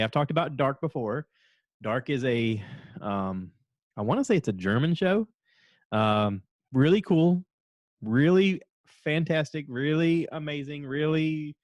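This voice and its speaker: A man hosting his own podcast, chatting casually and rambling from one story to the next, now and then jumping into a high voice to quote people. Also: dry recording. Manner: rambling, animated, jumps into high voices when quoting people. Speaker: podcast host. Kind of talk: casual solo podcast chat.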